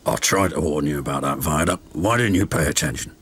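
A man voicing a cross old male fogman in a storybook reading, low, gruff and quick. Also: slight background noise. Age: older. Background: music.

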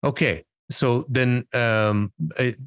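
Halting male podcast host, dry sound. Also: medium pitch, fairly even intonation, fairly bright tone, smooth, dry recording. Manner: halting, repeats words when framing questions. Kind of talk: conversational interviewing.

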